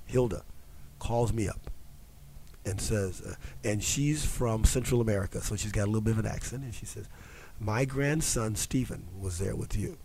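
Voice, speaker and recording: A man's voice: medium pitch, dark tone. A man hosting a fitness talk show from a studio, telling a long story in a rambling, casual way with many restarts and fillers.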